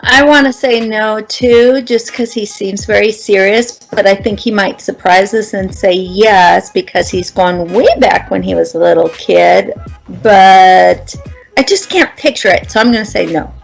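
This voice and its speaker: A woman teacher with a Minnesota accent, chatting on a school quiz show and telling lively stories about her students. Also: medium pitch, measured pace, creaky, faint music behind, poor audio. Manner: animated storytelling, acts out her students. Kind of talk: casual game show chat.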